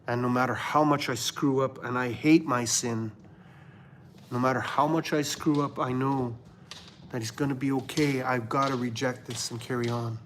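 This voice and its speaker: A Canadian man hosts a livestream and preaches in a plain mid-range voice. He swings between fervent declarations and low murmurs. A faint hum of noise sits behind him. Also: fairly even intonation, moderate pace, fairly bright tone. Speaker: livestream host. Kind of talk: religious livestream commentary.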